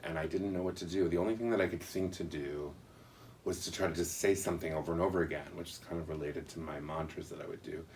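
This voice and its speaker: Male interviewee, very low voice, reflective and halting, faint background hiss. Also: far from the mic. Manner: earnest, halting, reflective storytelling. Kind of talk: personal account in an interview.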